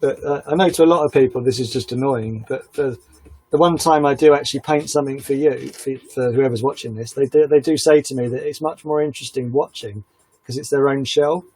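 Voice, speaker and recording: Chatty man, husky voice. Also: medium pitch, steady tone, brisk, darkish tone, rough recording. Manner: chatty self-confessed oversharer, rambling asides. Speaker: airbrush painter live-streaming. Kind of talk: casual live-stream chat while working.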